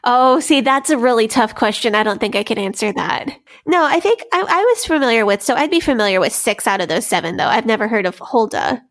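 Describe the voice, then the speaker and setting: A young woman co-hosting a podcast in casual chat, relaxed and informal, quick to laugh. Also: a little high. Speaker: podcast co-host.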